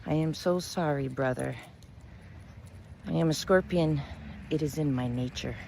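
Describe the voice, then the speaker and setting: A woman's voice: low voice, unhurried, creaky, dark tone, slight background noise. A woman voicing a sly male scorpion from a told fable, wheedling and repeating pleas for help. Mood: rueful. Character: pleading sly male scorpion begging a favor.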